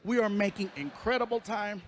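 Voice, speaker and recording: A man doing stand-up comedy on stage, telling a story in an animated way with sound effects and voices. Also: high voice, normal speed, a little hiss or hum.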